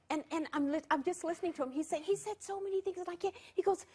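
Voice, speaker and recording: High-voiced woman telling lively stories. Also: rapid-fire, few pauses. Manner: animated, laughing storyteller. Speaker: talk show guest. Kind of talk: casual chat, storytelling.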